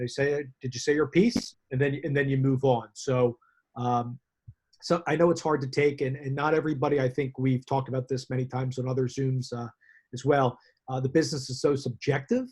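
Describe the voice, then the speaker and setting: Measured male video-call host. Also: medium pitch, steady tone, a little mellow. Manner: measured, many fillers. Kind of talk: casual advice on a video call.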